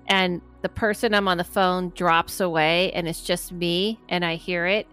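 With soft music in the background, this podcast host and medium, a middle-aged woman, speaks in a lowish, smooth, unhurried voice. She's an animated, casual storyteller who performs the quoted voices.

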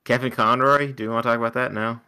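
A man's voice: medium pitch, steady tone, fast, pushed and bright. A man co-hosting a casual podcast, chatting in an easygoing way. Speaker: podcast co-host. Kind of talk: casual chat.

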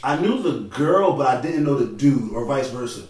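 Young guy, relaxed storyteller, off-mic, heavy room echo. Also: mid-range voice, normal speed. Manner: laid-back, loose, laughing storyteller. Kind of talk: casual storytelling chat. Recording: echoey room, distant from the mic.

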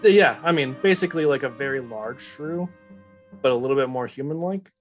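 A man running a tabletop game as game master, laughing often and filling pauses with "uh" and "you know". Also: mid-range voice, animated, faint music behind. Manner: laughs easily, filler-heavy. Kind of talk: narrating a tabletop game, casual.

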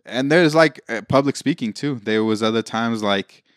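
A man's voice: mid-range voice, moderate pace, no echo, clean studio sound. A man on a podcast, chatting casually and telling personal stories, acting out the lines of the people in them. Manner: storytelling, acts out quoted lines. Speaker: podcast guest. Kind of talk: casual chat.

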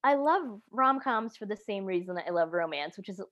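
A woman's voice: medium pitch, brisk, muffled recording. A woman chatting casually about movies, full of restarts and side remarks. Her laugh breaks in often, and her voice sits in a plain middle register. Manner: chatty, animated, laughs often, trails off mid-sentence. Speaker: podcast guest, writer. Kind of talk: casual chat about films.

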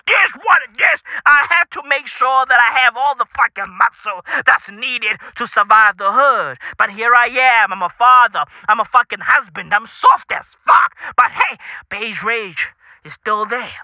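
A man's voice: high voice, sharp tone, no echo. A South African man hosting a podcast, ranting in a profane comedic style with swaggering slang and repeated phrases. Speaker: podcast host. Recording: dull lo-fi dry recording.

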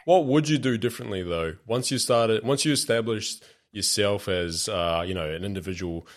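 A man's voice: on the low side, normal speed. A man hosting a podcast interview, asking questions and giving short, supportive replies. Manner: supportive, gives many short agreeing replies. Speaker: podcast host. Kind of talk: casual interview.

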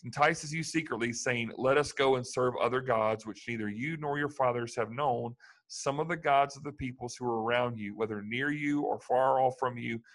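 A male preacher delivering a sermon, moving between scripture readings and lively explanation. His pitch sits in an ordinary middle range, and he stresses key words with bursts of energy. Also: normal speed, rough recording. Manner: animated Bible teaching with scripture readings.

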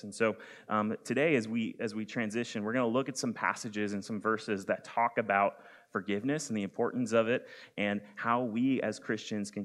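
A young man in his twenties preaching with earnest conviction, his voice sitting a little low. He speaks plainly and often pauses on "um" as he works through his sermon. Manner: earnest, frequent "um" fillers.

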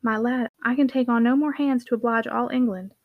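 A woman voicing a gruff but kindly older father who speaks bluntly and soothes his sons. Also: fairly high pitch, steady tone, a little fast, no echo, narrow, tinny audio, close to an everyday voice.

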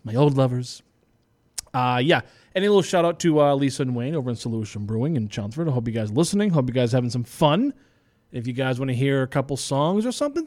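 Man, metal radio host, casual rambling chat, laughs a lot, curses, slightly high voice, lively swooping pitch, studio mic. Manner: rambling, laughing, swears freely.

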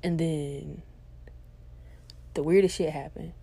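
A young woman podcast host telling a funny story in casual, slangy, profane chat, animated and laughing as she goes. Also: low-pitched, slow, creaky, slightly rough.

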